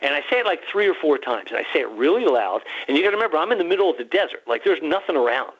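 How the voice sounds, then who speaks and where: A loud, emphatic man calls in and tells his story over a dull, lo-fi phone line. His voice sits a little high for a man. He talks in long, run-on stretches and circles back to repeat himself. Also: very animated, rapid-fire, breathy edge. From lives in Arizona. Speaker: guest researcher. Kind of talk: storytelling on a call-in radio show.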